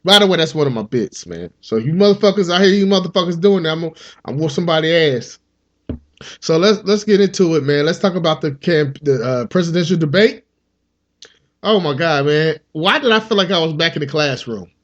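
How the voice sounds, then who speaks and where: Profane high-voiced comedian man. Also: a little fast, highs cut off. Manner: animated, profane, slips into character voices. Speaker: podcast host, comedian. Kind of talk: casual comedic monologue.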